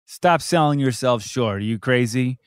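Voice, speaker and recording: Excitable podcast guy, laughs a lot, trips over his words, dry close sound. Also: mid-range voice, normal speed, clean tone, no echo. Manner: animated, laughs often, repeats words when excited. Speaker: podcast co-host. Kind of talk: casual podcast chat.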